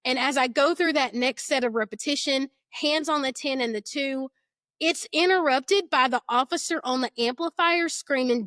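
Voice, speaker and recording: A young woman tells a personal story in an earnest, emotional way, with casual fillers throughout. Her voice sits high, and the sound is dry and close with little room echo. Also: moderate pace, a bit bright.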